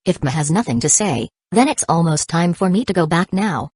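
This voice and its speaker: A woman voicing a calm, confident teenage boy in a storybook reading, with a smooth, even delivery. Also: fairly low pitch, a little fast, no room sound. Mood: calm teasing.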